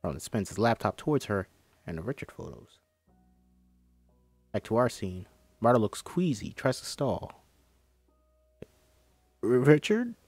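Male screenplay reader, animated delivery, dry room, faint music underneath. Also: lowish voice, moderate pace, creaky, long pauses, breathy edge, dry recording. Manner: lively, with joking asides. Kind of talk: reading stage directions aloud.

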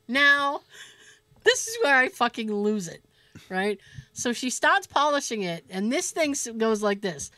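A woman co-hosting a podcast, telling a story in an animated, profane way and laughing as she goes. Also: fairly high pitch, a little slow, dry recording. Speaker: podcast co-host. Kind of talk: casual storytelling chat.

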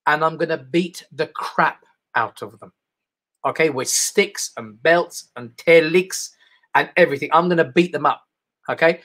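A man's voice: fairly high pitch, a bit bright. A middle-aged man with an English accent doing casual, rambling live stand-up comedy to an online audience. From England. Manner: chatty, rambling, mimics voices.

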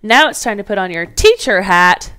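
A woman's voice: medium pitch, lively intonation, normal speed, fairly bright tone, smooth. A woman teaching a phonics lesson to young children, patiently sounding out letters and words.

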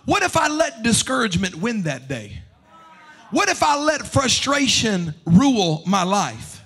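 A man preaching a sermon to his congregation, with animated preaching that shouts and chants its refrains. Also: high voice, measured pace, slightly rough. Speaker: pastor. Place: church sanctuary.

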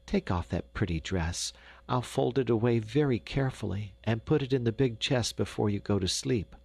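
A man voicing a frightened, tender little peasant girl in an audiobook, speaking softly and anxiously. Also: mid-range voice, moderate pace, gravelly, husky, dry recording. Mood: pleading. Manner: pleading, soft and anxious. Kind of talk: audiobook character voice.

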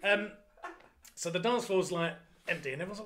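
Young man, function band drummer, lively and sweary anecdotes in a casual chat. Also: sits high, a little fast, slight background noise. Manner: animated anecdotes, swearing, acting out voices.

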